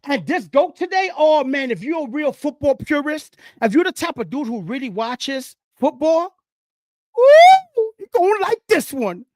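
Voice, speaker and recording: A man hosting a casual football talk show, his voice rising and falling animatedly as he lectures and hypes his audience. He lets out whoops of excitement. The sound is dry, with no room echo. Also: very high voice, normal speed, few pauses. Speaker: sports show host. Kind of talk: casual sports talk monologue.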